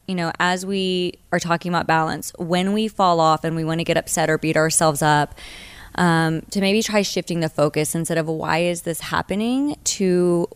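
A woman's voice: fairly low pitch, steady tone, normal speed, clean tone, dry recording. A woman, a yoga studio owner, talking as a guest in a casual interview, earnest and encouraging.

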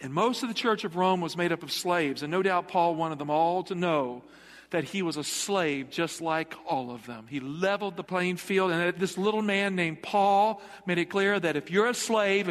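A man's voice: high-pitched, a bit bright. A middle-aged male pastor preaching a sermon in a church, emphatic and putting rhetorical questions to the congregation. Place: church sanctuary. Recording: long hall reverb.

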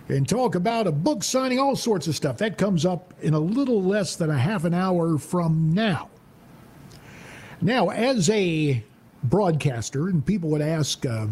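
A man's voice: high-pitched, a little mellow, breathy edge. A middle-aged man guest-hosting a talk radio show in a folksy, wry manner, reading his own column aloud. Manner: folksy, wry, measured emphasis.

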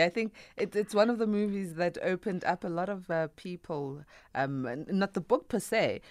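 A woman's voice: on the low side, a little mellow, no room sound. A woman hosting a talk show, chatting and reading out listener messages. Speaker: radio show host.

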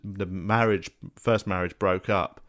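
Low-voiced man telling stories casually. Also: measured pace. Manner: relaxed storytelling, swears casually. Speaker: podcast guest. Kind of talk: casual chat.

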